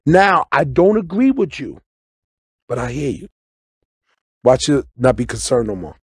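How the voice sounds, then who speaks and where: A middle-aged man, talking loosely in a studio interview, preaching and joking with sudden loud outbursts. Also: mid-range voice, sing-song, a little slow, husky, no echo. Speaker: guest comedian and actor. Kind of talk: casual interview talk. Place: radio studio.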